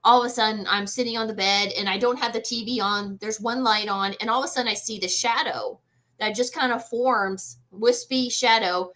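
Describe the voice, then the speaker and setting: A woman's voice: fairly high pitch, moderate pace, poor audio. A middle-aged woman, a medium, casually telling a personal ghost story and acting out the voices in her quotes. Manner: animated, acts out voices in quotes. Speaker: guest medium.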